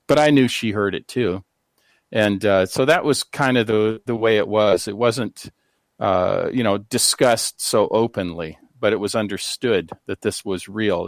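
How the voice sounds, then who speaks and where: An older man from the United States speaks as a talk show guest, with a lowish voice that sounds close and dry. He winds through personal stories in a loose, meandering way, full of "you know" and false starts. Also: no room sound. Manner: rambling, many fillers and restarts. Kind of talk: casual interview storytelling.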